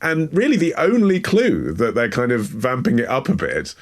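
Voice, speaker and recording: A man's voice: medium pitch, wildly swooping pitch, moderate pace. A man co-hosting a history podcast, reading a scripted intro with dry irony and then chatting casually. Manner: dry, ironic delivery. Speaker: podcast co-host.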